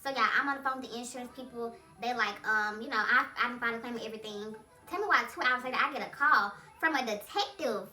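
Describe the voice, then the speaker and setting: A woman telling viewers a personal story in a casual storytime vlog, speaking in an animated way and addressing her audience as "y'all.". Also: on the high side, fast talker. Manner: acts out the voices of people in her story. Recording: roomy sound from a distance, faint music behind.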